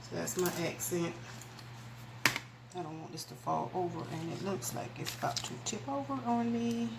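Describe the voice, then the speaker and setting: Woman, low voice, folksy cooking chat, echoey kitchen, background noise. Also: expressive, normal speed, vocal fry. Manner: chatty, folksy, addresses viewers as y'all. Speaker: cooking channel host. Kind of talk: casual cooking demonstration. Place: small home kitchen. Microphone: camera mic, filming alone.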